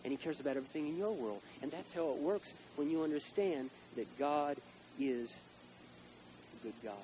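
Pastor, male, preaches in story mode with loud emphatic bursts; slightly higher voice, faint room hum behind. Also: normal speed, muffled recording. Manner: storytelling, animated, rising to loud emphatic peaks. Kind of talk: sermon.

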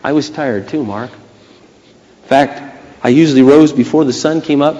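A preacher voicing God's calm inner voice. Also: male voice, mid-range voice, a little slow, in a large hall, muffled recording, close to an everyday voice. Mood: firm. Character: God as a gentle inner voice, male.

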